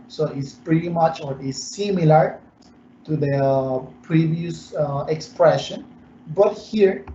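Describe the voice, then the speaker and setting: A man's voice: on the high side, warm tone, a little hiss or hum. Male English teacher, echoey. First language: Spanish. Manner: explains slowly, switching between English and Spanish. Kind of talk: bilingual online English lesson. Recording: echoey muffled room recording.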